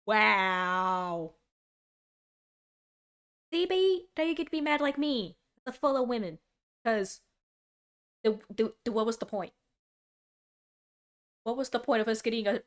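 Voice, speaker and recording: A young woman in her twenties streaming a casual reaction, talking in an animated and sarcastic way and laughing often. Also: medium pitch, normal speed.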